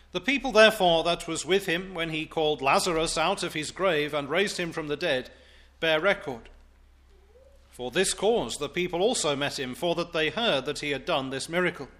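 A man preaching in church, reading scripture aloud in a solemn, deliberate way before his sermon. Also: on the high side, a bit bright. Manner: slow, solemn, deliberate delivery.

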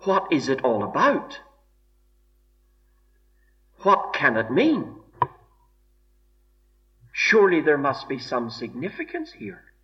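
A man preaching an expository sermon in a slow, measured way, weighing each word with deliberate emphasis. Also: on the high side, huge pitch swings. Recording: dull lo-fi recording.

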